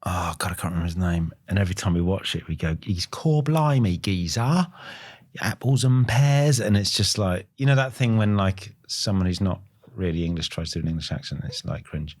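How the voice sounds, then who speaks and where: A man's voice: deep voice, fast talker, hardly any pauses, slightly rough. A man co-hosting a podcast, bantering and laughing often in casual chat. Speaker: podcast co-host.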